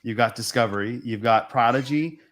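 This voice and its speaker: A man's voice: medium pitch, a little fast, fairly bright tone. A man hosting a casual fan chat, addressing the audience directly.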